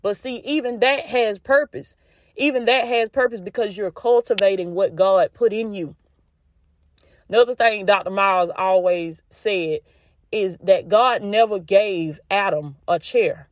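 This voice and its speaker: A woman with a Southern US accent gives a faith-based motivational talk as a podcast host. She talks in a folksy, down-home way, calls her listeners "baby" and "y'all," and repeats lines for emphasis. Her voice sits at an ordinary middle pitch and sounds dry and close, with no room echo. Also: measured pace. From Southern United States.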